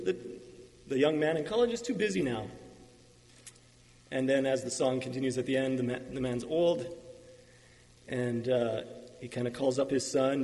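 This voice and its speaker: Earnest preacher in a reverberant church. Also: male voice, medium pitch, warm tone. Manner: earnest, halting with restarts and fillers. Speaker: pastor. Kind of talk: sermon. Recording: long hall reverb.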